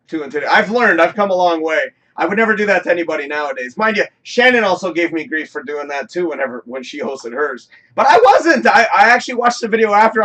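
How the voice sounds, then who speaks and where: Pria bersuara tinggi dan terang, agak jauh dari mikrofon. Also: male voice, high-pitched, pushed and bright, distant mic. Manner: rambling, emotional, swears, laughs often. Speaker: host of a live talk show. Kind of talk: casual chat.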